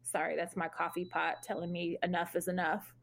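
A woman's voice: fairly low pitch, level tone, a little fast, creaky. A young adult woman co-hosting a podcast, telling a story in casual chat, swearing freely and laughing along. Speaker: podcast co-host.

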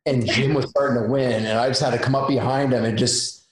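A man's voice: mid-range voice, steady tone, brisk, very echoey, rough recording. A man animatedly telling stories in a casual chat with former coworkers. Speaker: cast member recalling a shoot.

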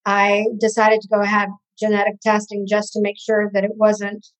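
Older woman with a flat, hesitant voice. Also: mid-range voice, moderate pace, rough recording. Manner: hesitant, lots of ums. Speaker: guest. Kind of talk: personal story in an interview.

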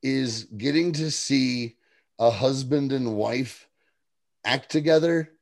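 A podcast co-host with a mid-range male voice talks slowly and casually about a TV episode. He laughs a lot and acts out lines while recapping.

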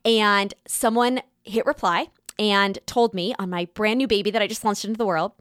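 A woman talks straight into a close, dry mic, earnest and animated as she hosts her own podcast. Her pitch sits in the middle for a woman, and her voice lifts and presses as she makes her points. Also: moderate pace, dry recording. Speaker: podcast host. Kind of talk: monologue podcast.

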